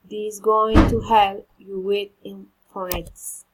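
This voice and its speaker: A woman teaching English pronunciation, slowly drilling word stress one word at a time. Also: medium pitch, level tone, slight background noise, low-quality recording. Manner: slow, deliberate, stressing each drilled word.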